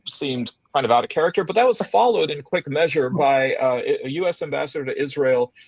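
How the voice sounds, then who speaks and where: A man hosting a panel discussion on the week's news, halting with filler sounds and dropping sardonic asides. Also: a little high, animated, creaky, no echo. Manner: halting, many filler sounds between phrases. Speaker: host.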